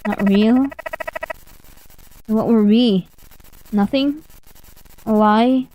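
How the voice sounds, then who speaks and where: A woman's voice: on the high side, extremely slow, lo-fi sound, noisy background. A woman voicing the cold, reproachful voice of a dead husband accusing his widow. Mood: bitter accusation.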